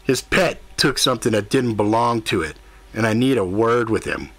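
A man's voice: fairly low pitch, expressive, normal speed, a bit bright, no room sound. A man voicing a brash, crude male demon who talks in a cocky, flirtatious way. The reading is an audiobook character voice.

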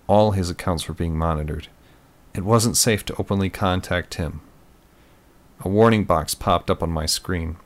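A man narrating a first-person thriller story in a steady, measured reading voice. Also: low voice. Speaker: audiobook narrator.

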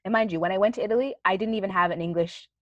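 A young woman telling a story in a casual chat, animated and swearing casually. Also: medium pitch, rapid-fire, dry recording. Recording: dull, dry sound.

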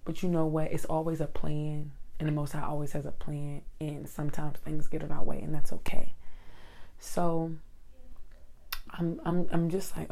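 A woman's voice: low-pitched, normal speed. A woman talking casually to her viewers into a handheld mic, telling a story with lots of asides and acting out the people in it. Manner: animated storytelling, acts out other people. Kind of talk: casual vlog rant.

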